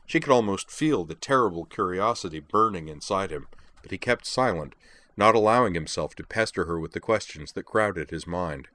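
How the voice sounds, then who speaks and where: Male audiobook narrator, deep voice, measured and even.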